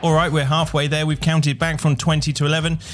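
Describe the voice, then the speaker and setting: A man's voice: fairly high pitch, flat delivery, fairly quick, soft background music. A man hosting a podcast chart countdown in an upbeat presenter style. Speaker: chart show host.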